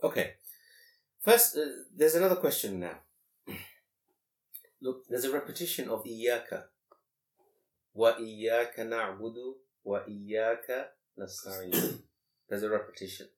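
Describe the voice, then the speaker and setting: A man teaches a class on Quranic grammar in a mid-range voice. He keeps asking the students rhetorical questions and recites Arabic verses quickly. The recording has the echo of a classroom. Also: medium pitch, big pitch swings. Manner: explanatory, asks the class many rhetorical questions. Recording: echoey room.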